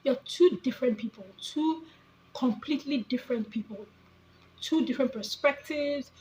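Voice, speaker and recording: A woman's voice: high voice, moderate pace, darkish tone, rough recording. A woman, a mother talking casually to her phone camera in a rambling, self-correcting way, full of restarts. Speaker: vlogger, mom of three. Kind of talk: casual talking-head vlog.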